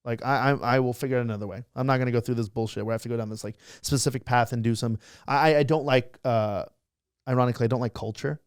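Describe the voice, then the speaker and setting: A young man, a social media creator, telling a story as a guest in a casual interview, animated and acting out other people's lines. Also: medium pitch, clear, resonant tone, no room sound, clean studio sound. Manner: fast, animated storytelling, acts out quotes.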